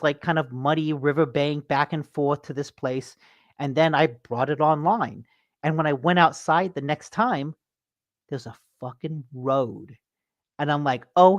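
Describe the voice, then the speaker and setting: Animated man chatting on a dry mic. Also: a little high, no echo. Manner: animated storyteller, swears freely. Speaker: podcast host. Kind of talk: casual gaming podcast chat.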